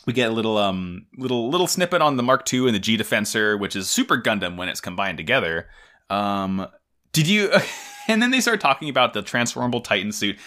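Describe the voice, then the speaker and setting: Animated, bright-voiced male podcast host. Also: lowish voice, a little fast. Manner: animated, laughing, jokey fan enthusiasm. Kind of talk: casual chat.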